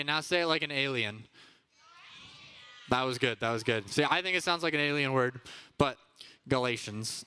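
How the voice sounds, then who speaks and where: A man's voice: medium pitch, fairly bright tone, clear, resonant tone. A young man teaching a children's church lesson, upbeat and constantly asking the kids questions. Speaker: kids' ministry teacher. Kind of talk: youth sermon to children. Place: church kids' room with a live audience.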